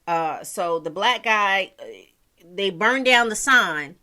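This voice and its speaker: A woman's voice: medium pitch, expressive, slow pace, pushed and bright, clear, resonant tone. A woman casually recapping a TV episode, chatty and storytelling, sprinkling in endearments like honey and child.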